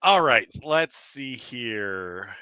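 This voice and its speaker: A man hosting a live podcast stream in casual chat, excited and laughing often, with lots of fillers and restarts. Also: medium pitch, extremely slow, smooth, dry recording. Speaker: podcast host.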